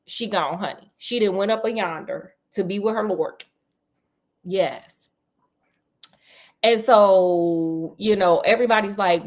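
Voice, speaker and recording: Woman telling a story all slangy and animated, calls u honey, cracks jokes. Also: medium pitch, slow pace, pauses often. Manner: slangy, animated, talks to listener. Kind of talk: comedic casual story retelling.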